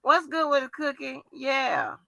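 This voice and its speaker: A woman hosting a casual live-stream chat, reacting and agreeing in a lively way. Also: sits high, measured pace, creaky, crowd noise. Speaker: host.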